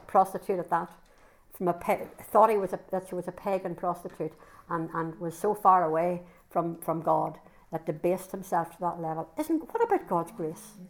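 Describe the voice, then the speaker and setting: A middle-aged woman speaking at a women's conference, giving a fervent testimony sermon with frequent restarts. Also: medium pitch.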